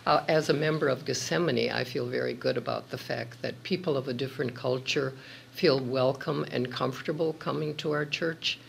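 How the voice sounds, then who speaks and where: A man's voice: medium pitch, fairly even intonation, moderate pace, gravelly, a bit bright, slight background noise. A man who is a church member giving a sincere interview, searching for his words. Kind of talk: interview testimony.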